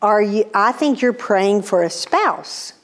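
A woman's voice: medium pitch, animated, slow pace, in a large hall. A woman playing a direct, inviting woman preacher. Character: woman preacher calling from the pulpit.

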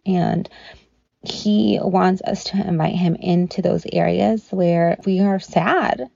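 A woman talks through scripture on her devotional podcast in an earnest, encouraging, conversational way. Her voice is mellow with a gravelly edge. The recording is dry and close, with a somewhat dull, lo-fi sound. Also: lowish voice, slow, no room sound. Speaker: podcast host teaching scripture.

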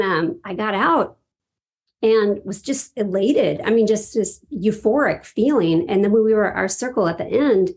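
A woman's voice: mid-range voice, gravelly, slightly rough. A woman sharing a heartfelt personal story in casual talk, laughing often and acting out her own reactions.

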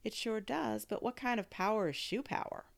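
A woman reading aloud and voicing an eager, curious young boy who fires off excited questions. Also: a little high, normal speed, vocal fry, voice pushed up. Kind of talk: audiobook reading.

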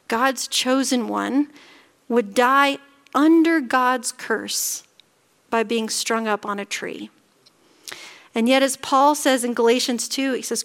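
Woman pastor, sermon delivery, earnest, slightly high voice, slows on solemn lines. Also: fairly bright tone.

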